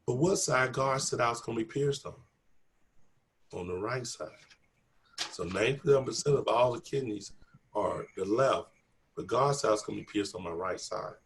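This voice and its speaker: A man's voice: mid-range voice, normal speed, creaky, pauses often, a little hiss or hum. A middle-aged man earnestly retelling a personal story in a casual, emotional way, acting out quoted dialogue. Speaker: guest telling his story.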